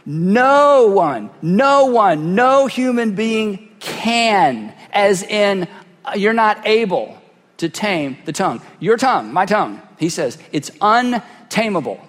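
A pastor delivering a sermon through a cheek-worn headset mic, swinging from loud bursts to hushed asides as he acts out voices. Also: high voice, sing-song, slow, long reverb tail. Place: large church hall.

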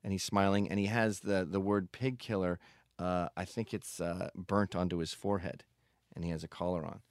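A man's voice: sits low, fairly even intonation, normal speed, clear, resonant tone, no room sound, studio quality. A man hosting a podcast, talking in a blunt, profane, digressive casual monologue. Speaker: podcast host.

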